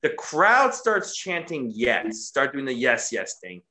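Bright-voiced, foul-mouthed man ranting. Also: mid-range voice, slow pace. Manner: profane, excitable, swears constantly. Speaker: podcast co-host recapping wrestling. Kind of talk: casual chat.

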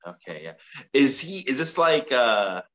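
A man recapping wrestling in casual podcast chat, profane and animated, acting out quotes. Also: mid-range voice, measured pace. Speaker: podcast co-host.

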